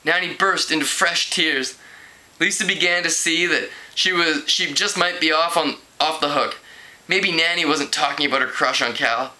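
Bright-voiced man reading aloud. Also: fairly high pitch, normal speed, rough recording. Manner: plain reading with small slips. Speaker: book reader.

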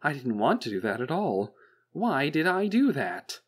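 A man voicing a cold, cutting female AI who runs a facility, speaking slowly in an icy, clipped way. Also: medium pitch, fairly bright tone, lightly acted. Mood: bewildered anger. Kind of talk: audiobook character voice.

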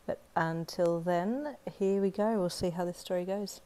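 A woman's voice: on the low side, moderate pace, dark tone. An Australian woman introducing and reading her own fan story aloud, hesitant with many ums. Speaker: fanfiction author and reader.

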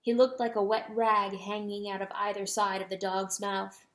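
A woman's voice: mid-range voice, little pitch movement. Echoey dramatic woman storyteller. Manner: dramatic, slowing on solemn words. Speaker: audiobook reader. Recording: roomy echo.

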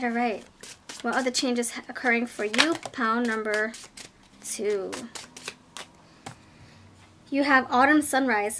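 A woman giving a casual pick-a-card tarot reading, chatty and easily excited. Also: fairly high pitch, slight background noise. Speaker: tarot reader.

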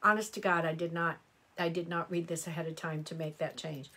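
A woman's voice: fairly low pitch, steady tone, brisk, pushed and bright. A middle-aged woman reading horoscopes on a live stream, chatty and exclamatory, answering viewer comments as she goes. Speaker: astrology reader.

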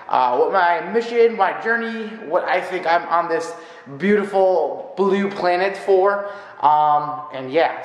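Man, casual vlog chat, self-mocking, rambling, long reverb. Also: fairly high pitch. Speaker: vlogger. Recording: echoey room with long reverb.

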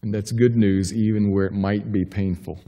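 A male pastor delivers a sermon in a church, his mellow, warm voice ringing with a long reverb. He preaches emphatically, climbing into urgent questions and then sinking low and quiet to reassure. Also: little pitch movement, normal speed. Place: church sanctuary.

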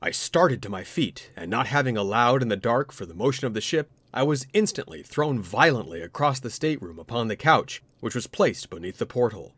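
A man narrating a ghost story in an expressive, dramatic reading. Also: medium pitch, fairly quick, few pauses, husky, dry recording.

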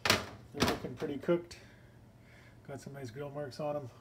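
A man's voice: fairly high pitch, steady tone, a little slow. A man casually talking through a home cooking video, rambling and chatty and breaking off mid-sentence, filmed on a camera across a home kitchen. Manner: rambling, chatty, self-interrupting. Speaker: home cook. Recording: noisy home recording.

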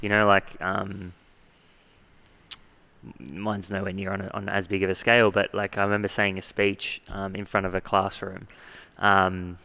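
A man hosting a casual interview, talking haltingly with many fillers and restarts. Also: low-pitched, monotone, gravelly, pushed and bright. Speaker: podcast host.

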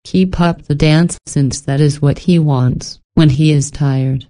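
Woman reading as an insolent ironic gentleman. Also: low-pitched, fairly even intonation, slow. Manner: ironic, disdainful.

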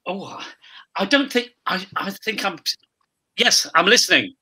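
An older man, a guest telling lively anecdotes and laughing often. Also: sits high, measured pace, a crowd in the background, poor audio. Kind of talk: casual reminiscing chat.

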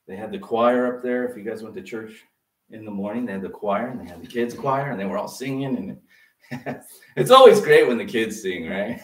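Low-voiced man preaching in a roomy church. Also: moderate pace. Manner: animated, conversational preaching with rhetorical questions. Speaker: pastor. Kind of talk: sermon. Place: church sanctuary. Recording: roomy sound from a distance.

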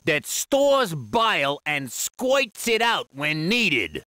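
A man voicing a crusty, sleazy male bacteria germ in a 1990s edutainment game, drawling slowly. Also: on the high side, wildly swooping pitch, bright, forceful tone, no echo, clean studio sound, heavily acted. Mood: explaining. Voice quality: crusty, gravelly voice. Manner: slow drawling sleazy delivery.

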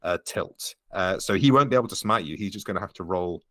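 A man narrates and referees a tabletop game, walking a player through the rules in a low, unhurried voice. He fills pauses with ums as he thinks. The sound is dry and close. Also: fairly bright tone, dry recording. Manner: explains rules patiently, lots of ums. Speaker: game master.

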